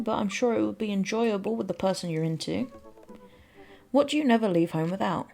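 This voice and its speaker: A woman's voice: mid-range voice, brisk, gravelly, warm tone. A woman giving rambling, self-deprecating casual commentary while playing a game. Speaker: let's play host.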